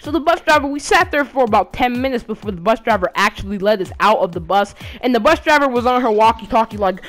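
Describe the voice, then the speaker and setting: A woman's voice: on the high side, expressive, fast talker, few pauses. A teenage girl tells a long story, full of false starts and filler words. She talks in a loose, casual way, as if chatting to her viewers from home, and faint music plays behind her. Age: teens. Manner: rambling, many restarts and fillers. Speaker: student vlogger. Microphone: game console headset.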